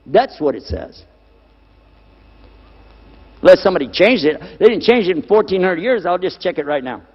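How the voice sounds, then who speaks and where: High-voiced male preacher in an echoing hall. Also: sing-song, normal speed. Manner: emphatic, repeats key words, asks the audience questions. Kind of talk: lecture on scripture to a live audience. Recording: dull lo-fi recording with long hall reverb.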